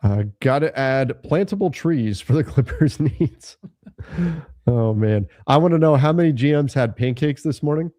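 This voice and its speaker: A man's voice: mid-range voice, animated, normal speed, dark tone, no room sound, studio quality. A man co-hosting a live basketball draft show, chatting casually and laughing often. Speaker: podcast co-host.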